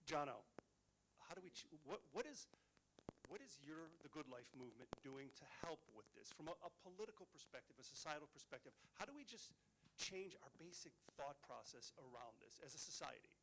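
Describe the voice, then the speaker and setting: A man moderating a conference panel who asks questions in a halting, searching way. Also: fairly high pitch, animated, background noise. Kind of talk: panel discussion.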